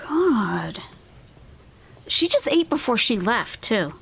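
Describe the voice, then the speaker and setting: A woman's voice: on the high side, sing-song, slow, gravelly, fairly bright tone, slight background noise. A woman hosting a live-stream reaction, making sarcastic, mocking asides about the person on screen. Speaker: reaction channel host.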